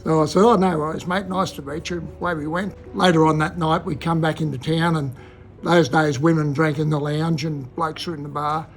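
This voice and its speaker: Old aussie bloke yarning away, raspy low-key drawl, music faint behind. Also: male voice, steady tone, fairly quick. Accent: Australian. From Australia. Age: older. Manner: laconic, chuckling anecdotes. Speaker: local storyteller. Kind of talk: casual yarn-telling.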